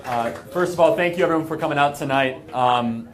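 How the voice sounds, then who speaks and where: A man's voice: a little high, a little fast, background noise. An American man speaking as a guest speaker to a live audience, earnest and emphatic, with frequent fillers and restarts.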